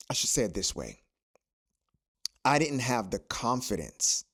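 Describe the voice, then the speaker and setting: A man hosting a podcast, speaking in a preachy, motivational way and repeating phrases for emphasis. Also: low-pitched. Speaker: podcast host.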